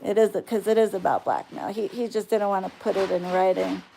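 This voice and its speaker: A woman's voice: mid-range voice, fairly even intonation, fairly quick, gravelly, dark tone, slight background noise. A woman who runs a spiritual business, talking bluntly and profanely in a casual vlog, with lots of fillers. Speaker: spiritual worker and business owner.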